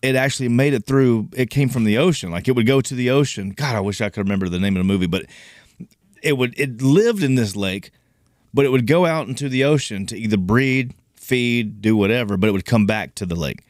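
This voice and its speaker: A man's voice: medium pitch, brisk, darkish tone, no room sound, clean studio sound. Chatty man explaining on a podcast. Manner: talkative, explains at length, teasing. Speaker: podcast co-host. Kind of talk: casual chat.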